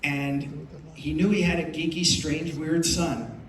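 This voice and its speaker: A man's voice: a little high, steady tone, takes it slowly. Older male speaker, emphatic storyteller, live in a large reverberant hall. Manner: storytelling, emphatic, repeats phrases for effect. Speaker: film producer giving a festival talk. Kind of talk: motivational speech to an audience. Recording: echoey hall, voice from far off.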